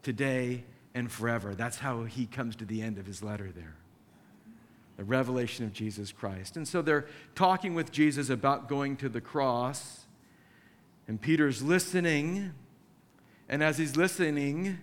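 A man's voice: medium pitch, measured pace, big-room sound. A man preaching a sermon with a mid-range voice. He talks in an easy, conversational way and dramatizes the lines he quotes, leaning hard on key words. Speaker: pastor.

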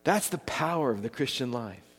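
A man's voice: mid-range voice, animated, moderate pace, slightly rough. A male pastor preaching a sermon, emphatic, with his voice swinging between rising and falling. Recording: long hall reverb.

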